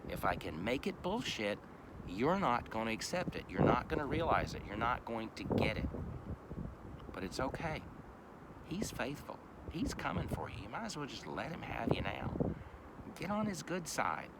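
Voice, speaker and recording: Blunt, swearing man preaching over loud traffic. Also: mid-range voice, very animated, normal speed. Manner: blunt, profane and emphatic. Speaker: street preacher. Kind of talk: informal preaching. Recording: loud traffic noise outdoors.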